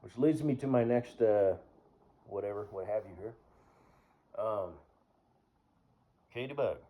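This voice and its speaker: This is a man with a somewhat low voice, talking on his own in a loose, rambling monologue. He meanders from point to point, leaning on fillers and clearing his throat now and then. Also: measured pace, highs cut off. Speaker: vlogger.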